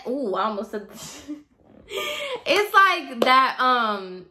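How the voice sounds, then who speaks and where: A young woman hairstylist telling a casual storytime rant, sassy and animated, acting out the people she quotes. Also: sits high, takes it slowly. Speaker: hairstylist vlogger.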